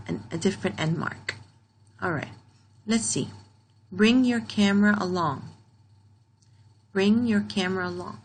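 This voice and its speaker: A woman teaching a grammar lesson to young pupils, speaking slowly and patiently and repeating key phrases. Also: medium pitch, slight background noise, poor audio. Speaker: primary school teacher.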